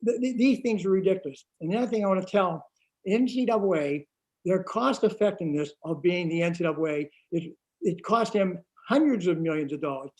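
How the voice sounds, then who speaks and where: A man on a panel talking bluntly and heatedly in rapid bursts. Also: high voice. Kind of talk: panel discussion.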